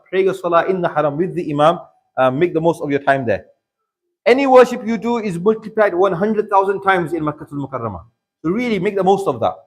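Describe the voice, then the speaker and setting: In a mosque hall, a man with a British English accent leads a religious workshop, earnestly urging listeners and repeating points for emphasis. His voice is fairly high-pitched and husky.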